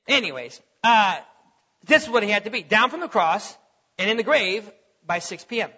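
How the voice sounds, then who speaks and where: A man's voice: high-pitched, lively intonation, brisk, pushed and bright. A man preaching a teaching sermon in a conversational way, stopping often to check that the listeners follow. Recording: dull lo-fi recording.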